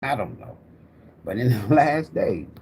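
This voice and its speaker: A middle-aged man holds forth on a tarot livestream like a former preacher, his pitch swinging widely as he drives his points home. He swears freely and keeps talking straight to his viewers, with a faint hiss of noise behind him. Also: measured pace, gravelly. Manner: animated, profane, preacher-like, addresses viewers directly. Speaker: tarot reader and livestream host. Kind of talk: rambling preachy livestream talk.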